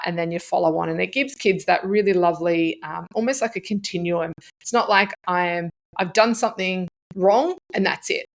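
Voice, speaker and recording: A middle-aged woman hosts her own podcast, chatting through her points in a relaxed, conversational way. Her voice sits a little low, and she slips into quick example phrases as she talks. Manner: conversational, with frequent fillers and acted-out example phrases. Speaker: podcast host and author. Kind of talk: solo podcast talk.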